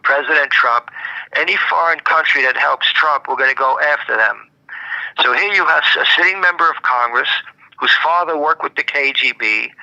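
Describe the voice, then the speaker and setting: A man rambles through an indignant political monologue on a live show. His voice is gravelly with a hard, bright edge, and he keeps repeating and restarting phrases. The sound is dull and lo-fi, with no room echo. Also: mid-range voice. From Brooklyn, New York.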